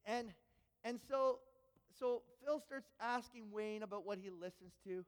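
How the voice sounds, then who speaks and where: A man preaching a sermon and telling a story, animated and often repeating words when he gets excited. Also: high voice, measured pace, smooth. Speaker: pastor. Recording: long hall reverb.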